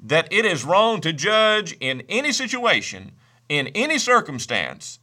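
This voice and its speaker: A man preaching a sermon, emphatic, slowing down to stress each scripture quote he reads. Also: sits high, very animated, sharp tone. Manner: reads scripture in old-fashioned wording.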